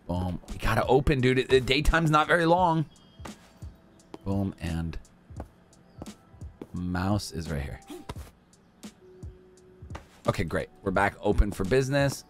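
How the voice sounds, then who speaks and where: A young man giving casual gameplay commentary, talking to himself and to in-game customers, swinging from mumbles to shouts. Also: lowish voice, lively intonation, slow, long pauses, soft background music. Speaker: gaming YouTuber.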